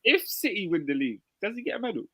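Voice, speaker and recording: A man co-hosting a casual football podcast, jumping in quickly with questions. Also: high-pitched, big pitch swings, breathy edge, dry recording. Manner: quick, bright, asks questions. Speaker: podcast co-host.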